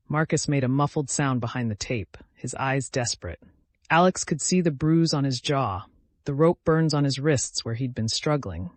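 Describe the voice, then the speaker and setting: A man reading a thriller romance story aloud in a measured, dramatic way. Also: mid-range voice, dry recording. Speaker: narrator. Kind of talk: scripted narration of a thriller romance.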